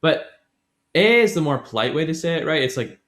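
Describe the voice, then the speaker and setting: His voice is a little high and sing-song, a touch fast and somewhat bright, as he co-hosts a casual podcast. He rambles through grammar points with many fillers and self-corrections, laughing frequently.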